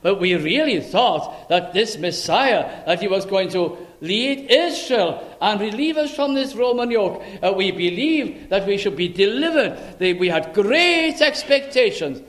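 A man's voice: high voice, lively intonation, a little slow, few pauses, a bit bright. A man preaching, voicing a sad, disappointed male disciple in an earnest, mournful first-person retelling.

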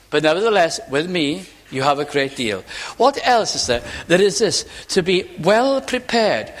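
A man preaching a sermon, asking rhetorical questions and swinging from emphatic to hushed. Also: sits high.

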